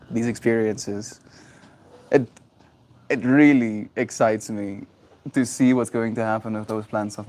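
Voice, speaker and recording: A man hosting his own daily stream, high and rambling in a casual, halting way with many restarts. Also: darkish tone. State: high on cannabis. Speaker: livestream host. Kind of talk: casual solo stream chat.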